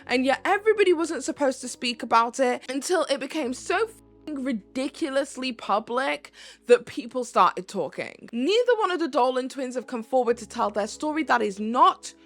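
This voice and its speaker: A British woman giving a heated commentary rant, swearing and stressing her words, with music playing faintly behind. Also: high voice. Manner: heated, swearing, emphatic with slow stressed phrases. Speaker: commentary YouTuber.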